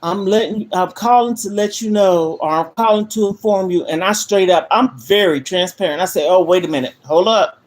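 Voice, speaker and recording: An older woman, speaking earnestly and emphatically on a phone livestream from her living room. She addresses viewers directly in a frank, heartfelt monologue, at a middle pitch for a woman. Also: normal speed, few pauses, a little mellow. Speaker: livestream host.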